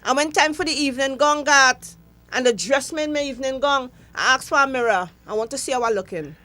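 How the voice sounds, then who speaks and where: A woman's voice: high voice, brisk, pushed and bright. A middle-aged woman with a Trinidadian accent, a guest telling her story with laughter and emphasis. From Trinidad and Tobago. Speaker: interview guest. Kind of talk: animated storytelling.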